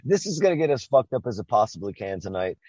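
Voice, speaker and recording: A man's voice: medium pitch, very animated, fast talker, muffled recording, a crowd in the background. A man co-hosting a podcast, chatting casually about a horror film, swearing and laughing a lot. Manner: crude, laughing, swearing often. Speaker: podcast co-host. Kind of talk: casual movie chat.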